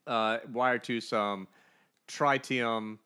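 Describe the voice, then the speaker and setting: Drawing out his words in a clear, resonant, medium-pitched voice, a podcast co-host recaps a comic book in relaxed conversation. He narrates with animation, briefly voicing the characters along the way.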